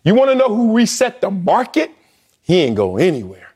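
A former pro football player co-hosting a sports debate show, talking emphatically and playfully. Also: male voice, huge pitch swings, moderate pace, a little mellow, breathy edge. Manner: emphatic, swooping pitch, playful.

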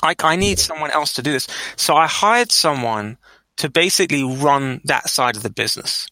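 Telling stories at normal speed, the middle-aged business owner animatedly acts out dialogue in his interview answers, his pitch climbing on the quotes. It's a dry, low-quality recording.

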